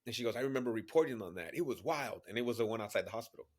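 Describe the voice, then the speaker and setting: A man in his thirties co-hosting a podcast, talking in an animated, profane way and laughing often. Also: medium pitch, racing, slightly rough. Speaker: podcast co-host. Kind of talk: casual chat.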